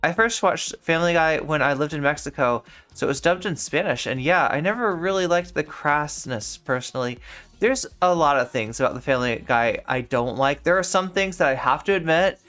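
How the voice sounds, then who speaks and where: Playing a game on a live stream, this woman talks in a relaxed, rambling way packed with filler words. She has a deep, fairly bright voice with lively intonation and a brisk pace.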